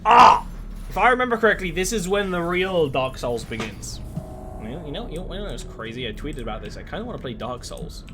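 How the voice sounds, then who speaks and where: A man's voice: a little high, sing-song, fast talker, over music. A man streaming a game, chatting casually and rambling from one tangent to the next in a self-deprecating way. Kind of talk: casual gameplay chat.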